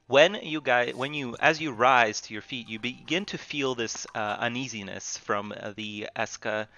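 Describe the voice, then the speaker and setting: A man narrating as game master, halting and full of fillers as he describes the scene. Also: medium pitch, sharp tone, no room sound. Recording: dull dry lo-fi recording.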